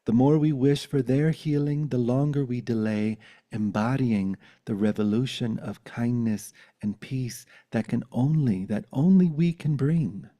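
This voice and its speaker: A man's voice: mid-range voice, unhurried, dark tone. A man on a video call giving an earnest, contemplative spiritual talk and reciting a poem. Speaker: spiritual teacher.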